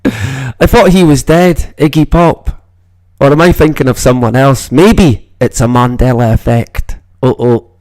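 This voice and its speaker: A man's voice: medium pitch, measured pace, a little mellow, dry recording. A man with a Scottish accent from the northeast of Scotland, hosting a casual livestream chat and rambling with constant swearing. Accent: Scottish, northeast Moray. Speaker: livestream host.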